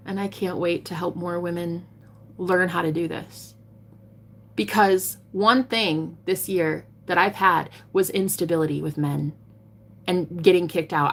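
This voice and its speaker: A woman's voice: fairly low pitch, unhurried, a bit bright, husky. A woman talking casually on a livestream as a tarot reader, blunt and emphatic, swearing freely and preaching self-empowerment. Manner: preachy, motivational.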